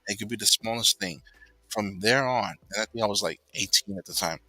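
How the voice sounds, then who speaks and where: A man casually telling a personal story, rambling and filling pauses with "you know.". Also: on the low side, pushed and bright, soft background music, low-quality recording.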